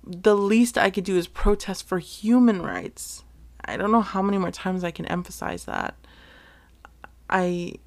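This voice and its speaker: A woman hosting a solo podcast, talking in an earnest, emotional way with casual swearing and frequent restarts. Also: fairly low pitch. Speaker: podcast host.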